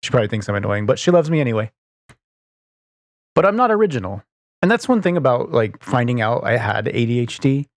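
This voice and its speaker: A man's voice: medium pitch, very animated, fairly quick, no room sound, clean studio sound. A man hosting his own podcast, chatting casually in a rambling, profane way with lots of "like" and "you know". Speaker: podcast host. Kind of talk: casual solo chat.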